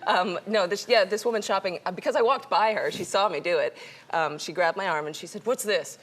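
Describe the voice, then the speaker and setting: Young woman with a low, husky-toned voice, giggling. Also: brisk. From New York City. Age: young adult. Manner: giggly, with many fillers and restarts. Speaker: actress guest. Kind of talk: talk show interview. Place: television studio.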